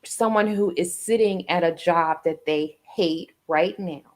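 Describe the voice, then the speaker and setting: Low-voiced earnest woman host. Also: measured pace. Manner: earnest, rambling, frequent "right?" tags. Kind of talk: video call interview.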